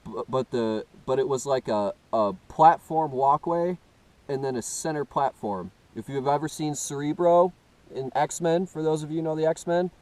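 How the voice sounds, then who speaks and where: A man earnestly telling a first-person story, halting and often restarting as he searches for words. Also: on the high side, darkish tone, poor audio. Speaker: personal testimony speaker.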